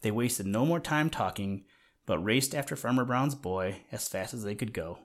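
A man reading a children's storybook aloud in a gentle way, talking to the listener now and then. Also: on the low side, animated, normal speed. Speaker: narrator.

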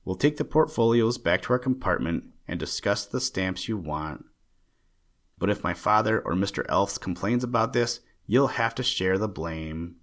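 A man's voice: lowish voice, animated, normal speed, close to an everyday voice. A man voicing a determined young male stamp hobbyist who speaks directly and firmly. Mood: relieved. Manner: direct, firm questioning.

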